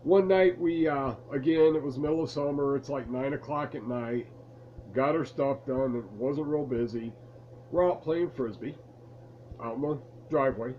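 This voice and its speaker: A man's voice: mid-range voice, moderate pace, muffled recording, slight background noise. A man casually telling a rambling, amused story to camera in a room at home. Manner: laid-back, rambling, amused. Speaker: vlogger telling stories from his past. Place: room at home lit by a lamp.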